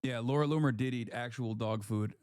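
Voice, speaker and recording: A man's voice: medium pitch, fairly quick, a little mellow, dry recording, studio quality. A man hosting a livestream, delivering heated, profane political commentary with blunt emphasis. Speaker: livestreamer host.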